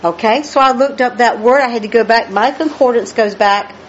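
A woman's voice: fairly high pitch, a little fast. A woman preaching a Bible study sermon, emphatic and drawn out, questioning her listeners and exclaiming praise. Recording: dull lo-fi recording with faint noise.

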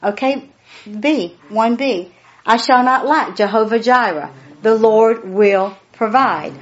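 A woman's voice: mid-range voice, dull audio. A woman leading a Bible study, reading scripture aloud, explaining it and repeating key phrases for emphasis.

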